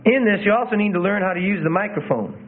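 Speaking fast in a high voice, this man teaches sermon delivery in a chatty way, often restating phrases and fixing his own wording. He is a preaching instructor. The sound is thin and phone-like.

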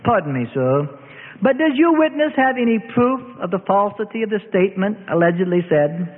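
A man reading aloud, voicing a bold, principled male council elder who objects crisply. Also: high voice, animated, normal speed, pitched above the performer's own voice. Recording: tinny, reverberant phone-like audio.

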